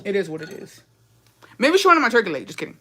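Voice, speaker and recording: A woman's voice: mid-range voice, sing-song, quick pace, sharp tone, a little hiss or hum. A young woman hosting a livestream, telling a story in a slangy, profane, chatty rant and reading out viewer comments. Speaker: livestream host.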